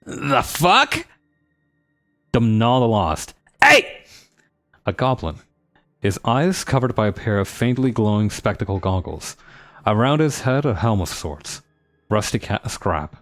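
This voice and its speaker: Animated man narrating a game. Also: fairly low pitch, normal speed, no room sound, studio quality. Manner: dramatic narration with asides. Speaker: streamer reading a story game. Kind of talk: narrating a text game on stream.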